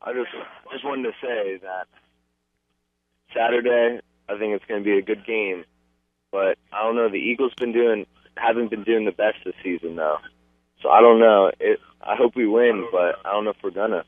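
A man's voice: fairly low pitch, normal speed, dry recording. A man calling into a sports radio show, hesitant and unsure of himself. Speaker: caller. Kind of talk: call-in sports chat. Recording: tinny distant phone line.

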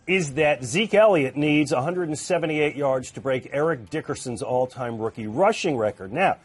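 A man co-hosting a sports talk show, giving loose, joking football predictions with quick asides. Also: mid-range voice, animated, husky. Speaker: football analyst.

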